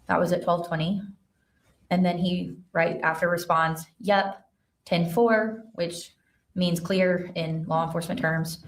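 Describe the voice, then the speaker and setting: A woman's voice: fairly low pitch, fairly even intonation, unhurried. A woman investigator giving courtroom testimony, reading text messages aloud in a careful, matter-of-fact way with a few hesitant fillers. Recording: echoey courtroom sound from far off the mic.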